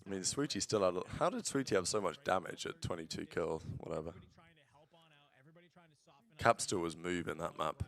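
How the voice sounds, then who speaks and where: A man streaming casual watch-along commentary on esports matches, blunt and swearing, bursting into excited play-by-play. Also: low-pitched, normal speed, long pauses.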